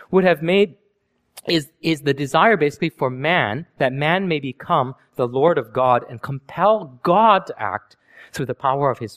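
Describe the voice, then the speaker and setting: A man preaching a sermon, animated and storytelling, with many rhetorical questions. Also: fairly high pitch.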